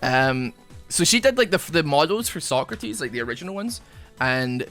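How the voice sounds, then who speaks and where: Gaming creator, male, casual rambling chat, bright tone, very animated pitch. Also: a little fast, faint music behind. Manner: rambling storyteller, many fillers; animated, bursts of laughter. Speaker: gaming YouTuber. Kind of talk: casual chat over gameplay.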